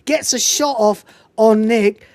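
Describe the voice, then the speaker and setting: A woman's voice: on the high side, slow pace, no echo. A woman hosting a podcast, giving a casual, swearing-filled, digressive recap of a film scene. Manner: animated, profane, digressive. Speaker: podcast host.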